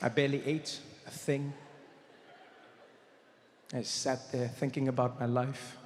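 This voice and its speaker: A man doing stand-up comedy, telling stories in an animated, playful way. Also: medium pitch, a little slow, noisy background. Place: large live venue with audience. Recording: live hall with long reverb, faint ambience.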